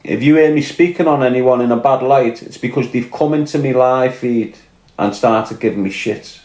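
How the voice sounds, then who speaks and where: A combative Scouse man talks straight into his livestream, swearing freely and firing back at chat questions. His voice sits at an ordinary middle pitch. The sound has a roomy echo, as if he is in a bare room. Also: normal speed, a little mellow. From Liverpool, England. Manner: blunt, combative, swearing, reading and answering chat. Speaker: livestream host. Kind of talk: casual livestream rant.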